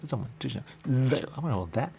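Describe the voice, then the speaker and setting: A man's voice: mid-range voice, lively intonation, a little fast, creaky, warm tone. A man hosting a radio show, talking in a rambling, mumbling way and repeating little phrases to himself. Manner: mumbling, repeats "there you go", chuckles. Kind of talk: rambling casual talk.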